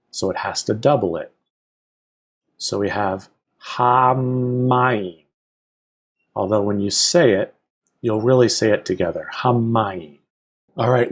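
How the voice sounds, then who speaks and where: A man's voice: medium pitch, slightly rough. A man teaching a Hebrew reading lesson, patiently naming each letter and vowel one at a time.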